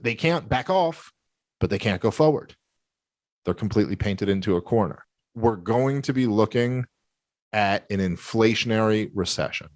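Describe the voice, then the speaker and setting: Low-voiced man ranting, dry sound. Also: dry recording. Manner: rambling, emphatic, swears. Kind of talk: casual podcast monologue.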